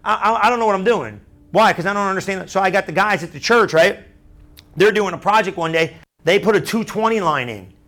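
A man pastor preaching a sermon through a story, chatty and animated, often asking the crowd "right?". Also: high-pitched, fairly quick.

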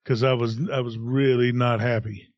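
A man's voice: mid-range voice, normal speed, dry recording, muffled recording. Profane middle-aged man telling a story. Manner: profane, animated anecdote telling with laughs. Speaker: podcast co-host. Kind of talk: casual comedic storytelling.

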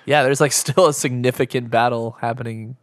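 A young man on a casual podcast, rambling through a story full of fillers. His voice sits at an ordinary middle pitch and sounds dry and close to the mic. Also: steady tone, a little fast, dry recording. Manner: chatty storyteller, many 'like's. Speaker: podcast co-host.

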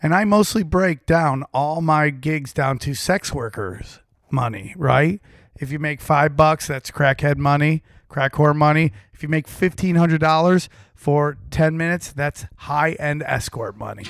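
A man's voice: fairly high pitch, measured pace, vocal fry, no room sound, clean studio sound. A man, a comedian guest, telling a brash, boastful story in a podcast chat while saxophone plays underneath. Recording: saxophone music playing behind.

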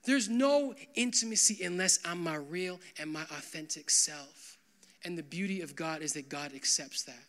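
Young male pastor, high bright voice, casual animated sermon delivery. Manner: conversational, animated, full of "like" fillers.

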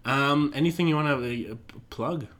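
A man's voice: on the high side, moderate pace, a bit bright. A man hosting a podcast in casual chat, playful and laughing often as he rambles, his voice getting tired. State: voice tiring. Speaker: podcast host.

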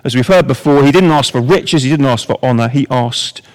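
A man's voice: mid-range voice, brisk. Guy preaching a sermon, chatty and wry, lots of questions, echoey church hall. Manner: wry, conversational, many rhetorical questions.

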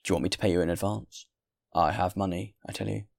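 A worn-out male traveller, stubborn and hungry, who speaks bluntly and keeps pressing his point. A man acts him out in a storybook reading, his voice low and gravelly. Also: steady tone, quick pace, no room sound, studio quality. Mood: insistent. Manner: blunt, insistent.

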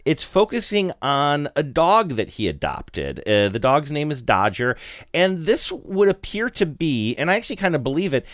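A man's voice: on the high side, wildly swooping pitch, moderate pace, no room sound. A man co-hosting a podcast, his voice rising and falling a lot as he rambles through chatty asides. The sound is close and dry, with no room around it. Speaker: podcast co-host. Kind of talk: casual chat.

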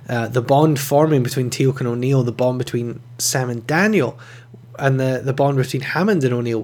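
Man host, casual episode review, chatty with lots of ums, mid pitch. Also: darkish tone. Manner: conversational, with frequent fillers and enthusiastic rises.

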